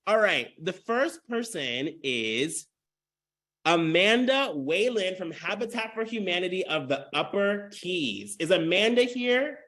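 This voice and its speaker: Young male webinar host, high voice, peppy and chatty with viewers. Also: slow pace. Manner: energetic, hypes the audience with "y'all" and "come on". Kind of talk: lively webinar hosting.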